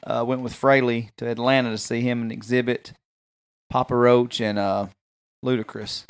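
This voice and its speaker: A man's voice: medium pitch, normal speed, clear, resonant tone. Man, 30s, podcast co-host, casual rambling stories. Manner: rambling, animated anecdotes with acted quotes. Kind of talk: casual chat, storytelling.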